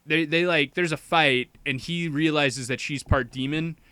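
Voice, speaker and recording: A young man casually recapping a movie plot as a podcast co-host, rambling with lots of "like" and quick quoted voices. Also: on the high side, fairly even intonation, pushed and bright, clean tone, no echo.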